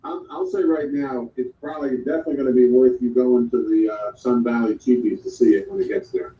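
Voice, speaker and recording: A man co-hosting a casual chat, talking haltingly with many restarts. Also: medium pitch, fairly even intonation, slight background noise. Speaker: co-host. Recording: dull, echoey sound from far off.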